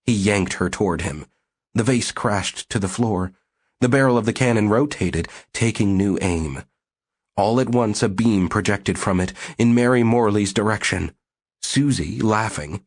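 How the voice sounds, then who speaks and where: A man reading a novel aloud as audiobook narrator in a steady, measured way. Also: lowish voice. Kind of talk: scripted narration.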